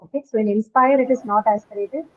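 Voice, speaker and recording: A woman's voice: a little high, quick pace. A woman teaching phonetics in an online class, explaining step by step and quizzing her students. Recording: tinny phone-like call audio.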